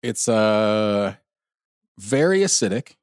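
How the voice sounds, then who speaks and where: A man's voice: fairly low pitch, big pitch swings, takes it slowly, smooth, no room sound, clean studio sound. A man co-hosting a podcast, chatting casually about food in a wry, chuckling way, often repeating himself. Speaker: podcast co-host.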